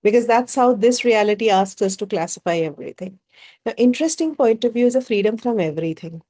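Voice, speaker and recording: A woman's voice: fairly high pitch, animated, quick pace, mellow. A woman with a Bengali-inflected Indian English accent, leading a group workshop as facilitator and working through ideas with rhetorical questions.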